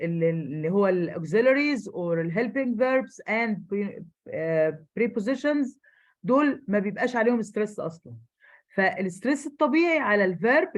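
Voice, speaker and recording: A woman with an Egyptian accent teaching an English class online, explaining rapidly in Arabic and slowing down for careful English. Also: medium pitch, low-quality recording. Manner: switches fast between Arabic and slow careful English.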